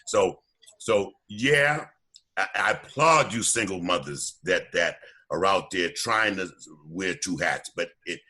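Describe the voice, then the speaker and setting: A man, a documentary co-producer and former youth coach, talking casually in a radio interview as an animated storyteller who often repeats his words while getting going. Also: low-pitched, slow.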